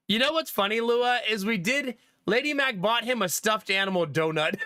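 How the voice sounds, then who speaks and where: Bright, high-voiced man chatting and laughing. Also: no echo. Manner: laughs often, animated retelling of family stories. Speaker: streamer. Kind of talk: casual storytelling to live chat.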